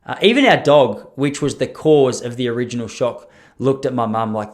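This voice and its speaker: A young male podcaster with a medium-pitched voice talks at a normal speed as he tells a lengthy story by himself. He wanders off track, breaks off his own sentences, and drops in jokes along the way.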